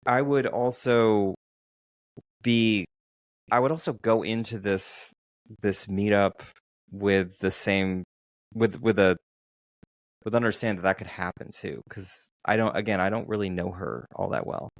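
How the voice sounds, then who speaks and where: A man co-hosts a casual podcast, talking in slow, deliberate stretches and often restarting his sentences. His voice sits low with a gravelly edge. The sound is close and dry. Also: no echo. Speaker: podcast co-host, dating coach.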